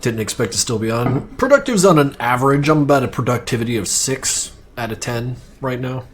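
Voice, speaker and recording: A man's voice: medium pitch, expressive, brisk, slight background noise. Rambling, cussing young man streaming. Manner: rambling, profane, self-mocking. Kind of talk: casual livestream chat.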